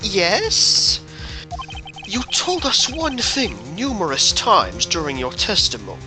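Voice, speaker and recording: Co-player as a nervous young lawyer, slow, very swingy pitch. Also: wildly swooping pitch, over music. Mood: earnest. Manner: hesitant, stammering openings.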